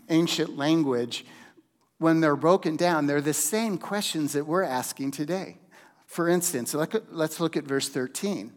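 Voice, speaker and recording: A man preaching a sermon in a slow, deliberate way, with dramatic pauses and hushed emphasis. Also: a little high. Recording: long hall reverb.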